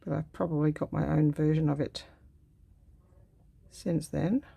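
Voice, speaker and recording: A woman vlogger chatting casually as she works on a craft project, thinking aloud in an unhurried way. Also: low voice, steady tone, creaky, warm tone, slightly rough. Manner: musing aloud while cutting and gluing, unhurried and chatty.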